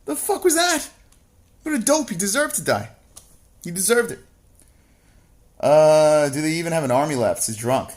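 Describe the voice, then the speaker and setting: A man's voice: on the high side, sing-song, moderate pace, pauses often, darkish tone. A man co-hosting a casual livestream, reading chat messages and rambling about a TV show with constant swearing and mocking jokes.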